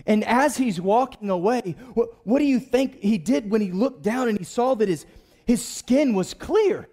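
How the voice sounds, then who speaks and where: Lively high-voiced male preacher. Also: unhurried, in a large hall. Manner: preaching with call-and-response to the congregation. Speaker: pastor. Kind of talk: sermon. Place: church.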